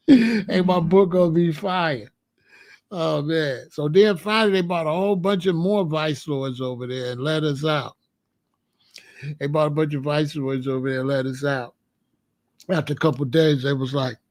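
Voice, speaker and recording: A man hosting his own channel, telling a story in a casual, animated and profane way and laughing as he goes. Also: a little high, moderate pace, no echo.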